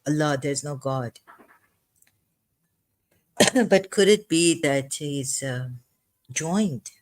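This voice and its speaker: A speaker giving a halting, informal commentary on a scripture verse, with a cough, often repeating words and restarting sentences. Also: mid-range voice, lively intonation. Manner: slow and deliberate, dwells on single words. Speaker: religious commentator.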